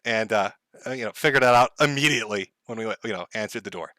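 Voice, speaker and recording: Speaking fast in a lowish, pushed and bright voice, a man runs a casual home livestream through headphones and a desk mic. His sarcastic rant is full of laughter, swearing and mock-tragic remarks, captured in a dry, clean studio recording.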